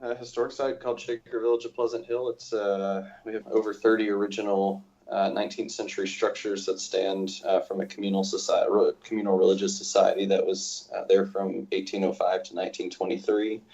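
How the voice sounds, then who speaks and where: Low-voiced man guest on lo-fi audio. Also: flat delivery, a little fast, hardly any pauses, darkish tone. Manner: laughs easily, hesitant restarts. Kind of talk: casual roundtable chat. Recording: dull lo-fi podcast audio.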